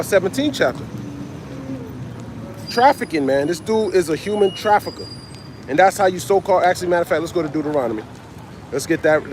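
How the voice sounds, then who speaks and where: Speaking bluntly in street slang, a livestream preacher responds to his chat and keeps finishing his lines with "man." His voice is fairly high-pitched, set against a noisy background.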